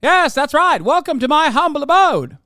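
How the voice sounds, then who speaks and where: A man putting on a pompous, old-fashioned American gentleman with a transatlantic accent. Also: very high-pitched, very animated, moderate pace, dry recording, studio quality, pitched above the performer's own voice, heavily acted. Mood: grandiose. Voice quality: grandiose, lofty, theatrical.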